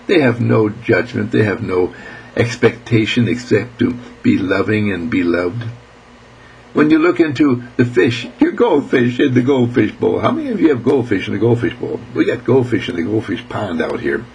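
A man's voice: fairly low pitch, creaky, slight background noise, low-quality recording. A man giving an emphatic spiritual talk, exclaiming and laughing as he speaks. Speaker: inspirational speaker.

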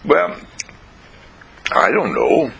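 A man voicing a blunt, sulky little girl in a storytelling broadcast, with a high squeaky put-on voice. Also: huge pitch swings, drawn-out words, vocal fry, fairly bright tone, breathy edge, full character voice.

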